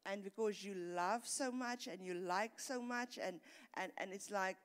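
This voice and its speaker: A middle-aged woman preaches in an earnest, building style, often repeating words as she drives a point home. Her voice sits in a middle pitch. The sound carries the long reverb of a church hall. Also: unhurried, clean tone. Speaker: pastor. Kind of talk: sermon.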